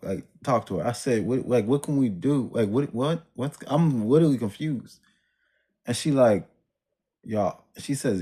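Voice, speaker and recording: Casting man, mid pitch, casual slangy storyteller, rambling and self-interrupting. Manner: rambling, restarts and trails off, slangy.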